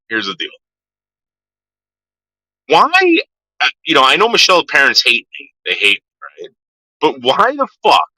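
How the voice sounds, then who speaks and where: A man's voice: fairly high pitch, pushed and bright, no echo, poor audio. A man ranting on a livestream, swearing heavily and repeating himself as he gets worked up. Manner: profane, agitated, repeats himself. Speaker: livestream host.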